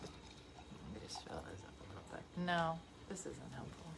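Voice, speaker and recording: A woman's voice: deep voice, normal speed, creaky, background noise. A woman, chatting casually and teasingly on a live stream from home, laughing often. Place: home at night. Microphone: phone camera.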